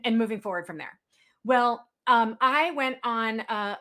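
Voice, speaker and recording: Webinar presenter: woman, chatty storyteller, voice pitched a bit high. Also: a bit bright. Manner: chatty storytelling, acts out quoted exchanges. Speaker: webinar speaker.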